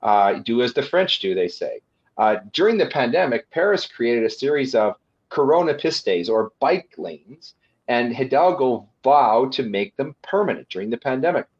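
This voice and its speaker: Husky man explaining on a webinar. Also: medium pitch, lively intonation, moderate pace, muffled recording. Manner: explanatory, with frequent fillers and restarts. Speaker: constitutional lawyer, guest. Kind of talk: webinar presentation.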